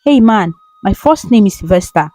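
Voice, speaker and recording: A woman's voice: medium pitch, expressive, moderate pace, mellow, no room sound, lightly acted. A woman voicing a flustered, impatient young man who runs a company, in a storybook reading. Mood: exasperated. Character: young male boss, easily stressed.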